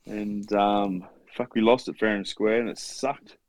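A man's voice: lowish voice, fairly even intonation, a little slow. An Australian man co-hosting a podcast, bantering bluntly with swearing and trailing ums. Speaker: podcast co-host. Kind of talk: casual chat.

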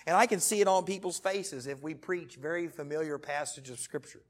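A man in his thirties preaching a sermon to a church group, telling jokey stories and breaking into sudden loud bursts. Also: a little high, a little fast. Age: 30s. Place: church meeting room.

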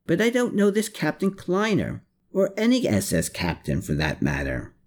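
A slippery, sardonic lawyer under questioning, put on by a male audiobook reader, his voice pitched higher than the reader's own and swinging up and down a lot. He fends off every question with dry, defensive quips. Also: very animated, unhurried, a little mellow. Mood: wry, defensive.

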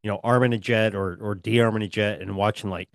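A middle-aged man rambles through old memories on a podcast, easygoing and unhurried. His voice sits a little low. The recording is close and dry. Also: steady tone, creaky, no room sound. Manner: rambling, reminiscing, laid-back. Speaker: podcast co-host. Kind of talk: casual podcast chat.

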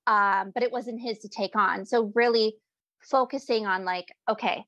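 A woman's voice: mid-range voice, steady tone, moderate pace, fairly bright tone, no echo. A woman talks in an easy, conversational way. She keeps breaking into short acted-out exchanges. The recording is dry and a little dull, as if picked up on a modest mic. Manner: chatty, acts out little dialogues. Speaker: podcast co-host. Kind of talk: casual conversation about parenting.

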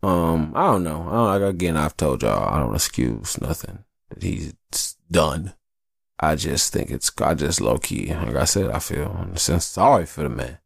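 A man hosting a podcast alone, talking in a casual, rambling and profane monologue, telling stories in an animated way. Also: very deep voice, moderate pace, creaky, slightly rough, no room sound, studio quality. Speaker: podcast host.

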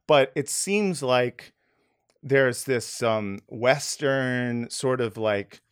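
A man's voice: mid-range voice, extremely slow, clean tone. A man hosting a podcast in casual conversation, rambling with many fillers and laughing easily. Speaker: podcast host.

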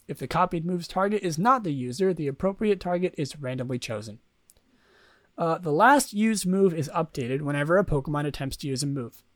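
Young man, podcast host, rambling, restarts often, slightly high voice, dry sound. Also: lively intonation, a little fast, no room sound. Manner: rambling, repeats himself, many fillers and restarts. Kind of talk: casual solo podcast talk.

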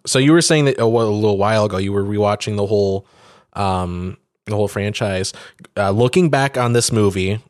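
A man's voice: fairly low pitch, no room sound, studio quality. A man co-hosting a podcast in casual chat, rambling and joking with lots of fillers. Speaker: podcast co-host.

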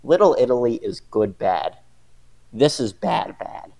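A man's voice: medium pitch, very animated, unhurried, dark tone. A man hosting a podcast, chatting casually and sarcastically about a movie and reading reviews aloud with frequent laughs. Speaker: podcast host.

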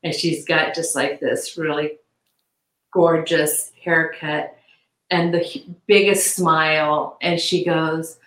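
A middle-aged woman being interviewed, speaking haltingly with many restarts and turning animated when she quotes people. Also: low-pitched. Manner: animated when quoting others. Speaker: interview guest, victim's aunt. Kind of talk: conversational interview. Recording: echoey room.

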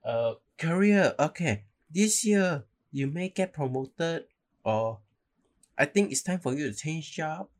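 Man putting on a fortune teller voice, fussy older male, Chinese-accented English, high-pitched, clipped repeated verdicts. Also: animated, takes it slowly. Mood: mock-serious. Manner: clipped, repetitive pronouncements.

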